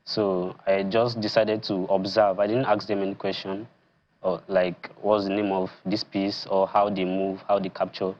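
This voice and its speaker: A teenage boy from Nigeria answering interview questions quietly and politely, calling the host sir. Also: low voice, little pitch movement, moderate pace, dull audio, slight background noise. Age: teens. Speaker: chess champion guest.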